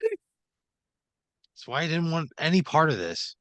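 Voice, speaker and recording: A man's voice: a little high, huge pitch swings, slow, fairly bright tone, no room sound. A man playing along in an improv comedy podcast, exasperated and reluctant, swearing a lot. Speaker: improv player.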